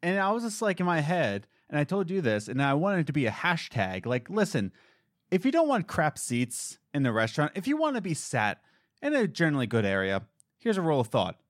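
A young man co-hosts a casual podcast, spinning animated, jokey stories and imitating the voices of the people in them. His voice is on the high side and brisk, captured dry with studio quality.

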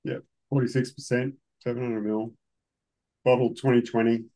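An Australian man in a casual podcast chat who stumbles and repeats himself as he talks. He speaks at an ordinary pitch and keeps a relaxed tone. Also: normal speed. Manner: hesitant, repeats words. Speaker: podcast co-host. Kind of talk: casual chat over whisky.

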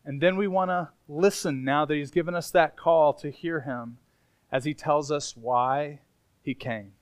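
A male pastor preaching to his congregation in a relaxed, emphatic, conversational way. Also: a little high, a little slow, clean tone. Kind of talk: sermon. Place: church sanctuary.

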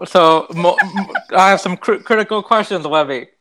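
A man's voice: high voice, normal speed, sharp tone. A man playing a tabletop game who eagerly asks the game master questions. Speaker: player. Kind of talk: tabletop role-play chat.

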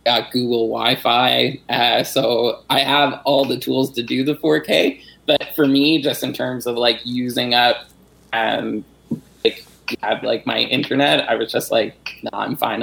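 A man with a very gravelly, creaky voice chats in a laid-back way. His sentences are loose and full of fillers like 'uh' and 'like'. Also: mid-range voice, flat delivery, moderate pace, a bit bright, rough recording. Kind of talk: casual chat.

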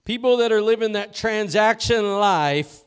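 A man preaching a sermon as pastor in a church, fervent and swinging from loud to hushed. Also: high voice, a little slow, clear, resonant tone. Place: church sanctuary.

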